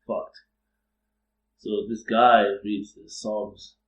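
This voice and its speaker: A man telling an animated, profane story as a vlogger, repeating phrases and breaking into laughter. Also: fairly low pitch, unhurried, muffled recording. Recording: roomy echo.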